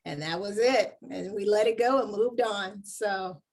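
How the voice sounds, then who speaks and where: A woman actor, a guest in a casual interview, telling stories with lively acted-out quotes. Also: mid-range voice, a little slow. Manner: animated storyteller acting out quoted lines.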